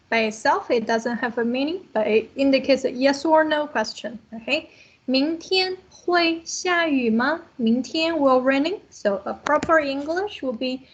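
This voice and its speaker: A woman teaches an online language class in a high, slightly husky voice, taking her time and checking in with students after each point. The video call audio is muffled and lo-fi. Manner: patient, explains step by step with many okays.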